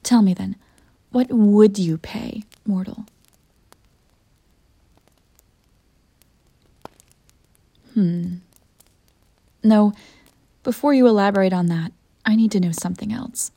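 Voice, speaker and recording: A woman's voice: mid-range voice, unhurried, gravelly, long pauses, warm tone, breathy edge, no room sound. A centuries-old succubus, played by a woman, holds court in an audio role-play, haughty and theatrical. Her voice sits in an ordinary middle register, and the sound is dry and close. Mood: sultry bargaining. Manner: haughty and theatrical, defensive when pressed. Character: proud, bored, centuries-old female succubus.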